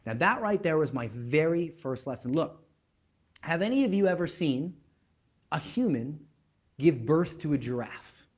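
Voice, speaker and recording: Husky-voiced man telling a motivational story. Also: a little high, very animated, unhurried. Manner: emphatic, with dramatic drops to near-whispers; repeats words while building up to a point. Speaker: motivational speaker. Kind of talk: storytelling motivational talk to an online audience.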